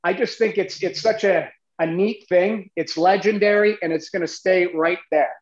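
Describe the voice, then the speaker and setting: A man telling a long story in a casual, animated way, full of restarts. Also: high-pitched, moderate pace, echoey room, lo-fi sound, a crowd in the background. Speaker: guest, former goalie.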